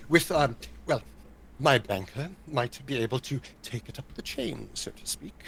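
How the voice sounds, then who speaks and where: A man playing a frivolous, fawning aristocratic gentleman with pompous, fussy manners in a tabletop game. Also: a little high, slightly rough, heavily acted. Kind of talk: improvised tabletop role-play.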